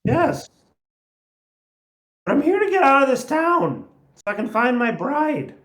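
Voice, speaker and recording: A player in a casual tabletop game, speaking bluntly and deadpan. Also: high-pitched, a little slow. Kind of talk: casual tabletop role-play.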